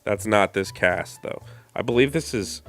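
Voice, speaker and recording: A hoarse man co-hosting a podcast, chatting casually and joking through a trivia game. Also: on the low side, measured pace, faint music behind. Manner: loose, joking, animated. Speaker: podcast co-host.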